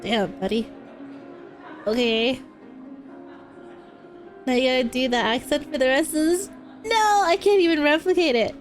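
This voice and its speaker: A woman's voice: high-pitched, unhurried, pauses often, soft background music. A young adult woman streaming a game, chatting casually and joking between lines. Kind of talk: casual gameplay commentary.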